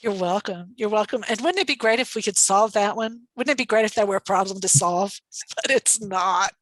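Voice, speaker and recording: A thoughtful woman guest speaker answers questions over a video call. Her voice sits at a middle pitch and comes through dry and close, with no room sound. She speaks reflectively and laughs lightly now and then. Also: normal speed, no room sound, poor audio. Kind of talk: online webinar Q&A answer.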